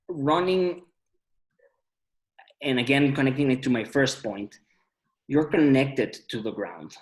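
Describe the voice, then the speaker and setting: A man's voice: medium pitch, poor audio. Panel guest, man, loose rambling delivery, many restarts. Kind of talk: casual panel talk.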